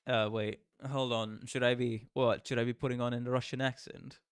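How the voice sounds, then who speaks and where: A man's voice: mid-range voice, level tone, normal speed, clear, resonant tone, no room sound, clean studio sound. A man streaming a visual novel, chatting and reacting with giggles between read lines.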